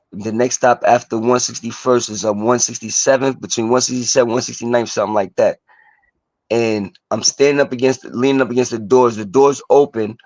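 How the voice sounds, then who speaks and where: A man sharing his story as a guest, halting and searching for words. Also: mid-range voice, dry recording. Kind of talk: emotional personal sharing. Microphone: video call. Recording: dull, dry video-call audio.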